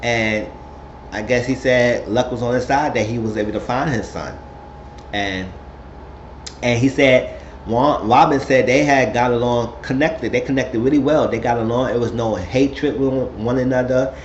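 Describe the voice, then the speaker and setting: A man recapping a reality show episode in casual, gossipy storytelling. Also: normal speed. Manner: chatty storytelling, puts on high voices quoting people. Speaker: recap vlogger. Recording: roomy, dull lo-fi sound with faint hiss.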